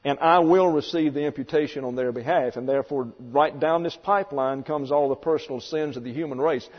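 A man preaches a sermon, explaining doctrine emphatically and methodically and often tying points together with "and therefore." His voice is on the high side and a little fast. The dull lo-fi recording carries a long hall reverb.

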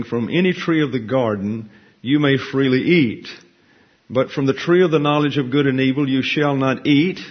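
A man teaching a Bible study, explaining Hebrew grammar in a careful, methodical way to his class. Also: mid-range voice. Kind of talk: verse-by-verse Bible study lecture. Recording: dull lo-fi recording.

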